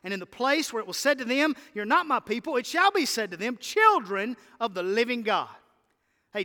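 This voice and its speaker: A man preaching a sermon to his church, impassioned and building to loud emphatic lists. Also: high voice. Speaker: pastor. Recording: church hall reverb.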